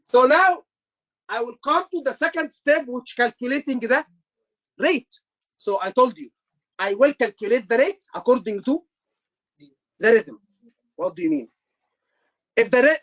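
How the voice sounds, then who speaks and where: Teaching a live medical exam class, this instructor restates key points and fires short questions at students. The voice is high and a bit bright, heard through a muffled recording.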